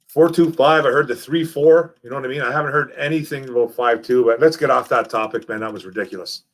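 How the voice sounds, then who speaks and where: A young man hosting a casual live stream, reading chat messages and talking football in a lively, repetitive way, calling people man and bro. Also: medium pitch. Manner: animated, repeats himself, calls people man and bro.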